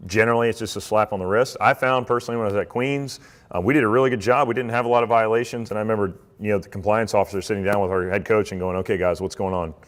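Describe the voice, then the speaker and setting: A man, a swim coach, giving a relaxed, conversational talk to athletes and parents, with many fillers. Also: on the low side, rapid-fire. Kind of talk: informal presentation. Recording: reverberant hall.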